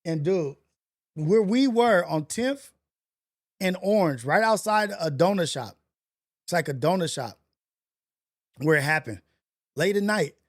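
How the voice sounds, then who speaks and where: A man's voice: high-pitched, animated, unhurried, long pauses. A man hosting a casual livestream, telling a story in loose slang full of fillers and restarts. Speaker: livestream host. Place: home setup for a portrait livestream.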